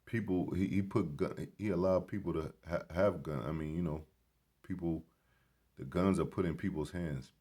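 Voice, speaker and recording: A man's voice: low voice, moderate pace, dark tone, husky. A man in a casual, rambling vlog commentary at a grocery store. He talks in an emphatic, preachy and blunt way and swears freely. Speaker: vlogger.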